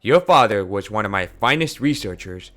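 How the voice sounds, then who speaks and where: A man voicing a quiet, somber old scientist. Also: fairly low pitch, animated, normal speed. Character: older male scientist mentor, calm and sorrowful. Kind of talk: reading game dialogue aloud.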